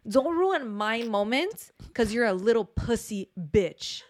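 A young woman co-hosting a casual chat podcast, blunt and animated, swearing freely as she tells stories. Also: on the high side, takes it slowly. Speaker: podcast co-host.

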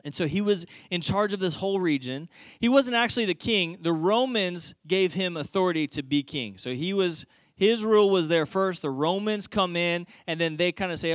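A man preaching a sermon, retelling a story in a lively, conversational way. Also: high-pitched, normal speed, dry recording. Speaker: pastor.

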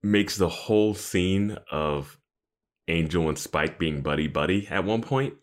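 A man's voice: low-pitched, a little slow. A man co-hosting a podcast in a laid-back way, chuckling and asking wry questions while casually recapping a TV episode. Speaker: podcast co-host.

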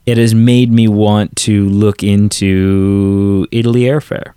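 A man's voice: lowish voice, fairly even intonation, slow pace, warm tone, clear, resonant tone, no room sound, studio quality. Rambling man on a movie podcast. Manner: rambling, filler-heavy. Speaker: podcast co-host. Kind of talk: casual movie podcast chat.

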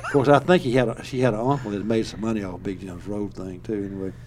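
A man's voice: fairly low pitch, steady tone, fast talker, very noisy. An older man from Alabama with a Southern accent, telling a story in a folksy, rambling way and chuckling as he goes. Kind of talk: casual storytelling.

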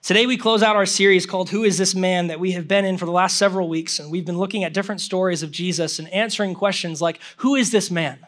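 A young adult man preaching a sermon as a pastor, animated and conversational, with lots of casual fillers. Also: high voice, fast, hardly any pauses.

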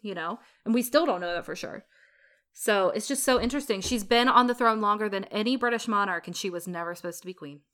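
Bright-voiced chatty woman telling history. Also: mid-range voice, fast. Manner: chatty storyteller, playful asides. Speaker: podcast co-host. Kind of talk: casual history chat.

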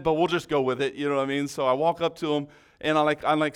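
Pastor, man, casual storytelling preacher, voice a bit higher than usual. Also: fairly even intonation, brisk, fairly bright tone, clean tone. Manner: storytelling, conversational, with frequent restarts. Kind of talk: sermon.

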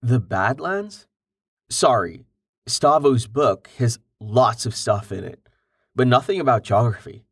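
Male narrator as curious young man, pushy with questions, unhurried delivery. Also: mid-range voice, slightly rough, no room sound, clean studio sound. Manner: inquisitive, exasperated questions.

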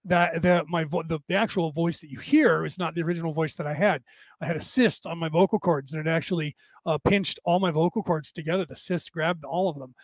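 An older man talks into a close, dry mic. His worn voice sits a little high for a man, and he rambles on with restarts and asides. He sounds tired after hours of talking. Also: fairly even intonation, a little fast, no room sound. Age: older, with graying hair. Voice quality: says his voice is damaged but penetrating. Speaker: podcast host. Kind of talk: casual monologue.

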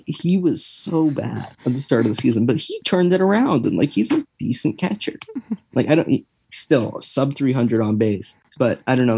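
A man's voice: mid-range voice, darkish tone, breathy edge, no room sound. A young man, chatting casually as a podcast co-host, rambling with lots of fillers and tangents. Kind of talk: casual chat.

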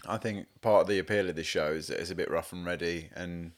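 A man with a very low, deep voice co-hosting a comedy podcast as its producer. He is easygoing and quick to laugh, and keeps the banter relaxed. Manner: laid-back, laughs often. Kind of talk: casual podcast chat.

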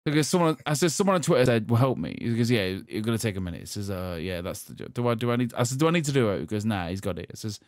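A man's voice: fairly low pitch, racing, hardly any pauses, dry recording, clean studio sound. English man telling a story, laughing. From England. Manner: animated storytelling, quoting others, laughing. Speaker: podcast host. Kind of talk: casual chat.

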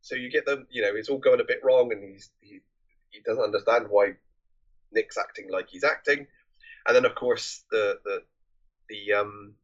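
A man co-hosting a casual film podcast, talking in a relaxed way and often trailing off mid-sentence. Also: fairly low pitch, moderate pace, highs cut off. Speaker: podcast co-host.

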